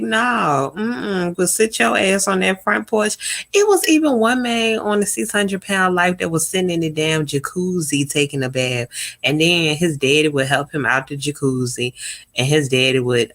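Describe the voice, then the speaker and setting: Blunt, animated woman streaming live. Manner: blunt, profane, animated, swoops up in pitch. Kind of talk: casual live-stream chat.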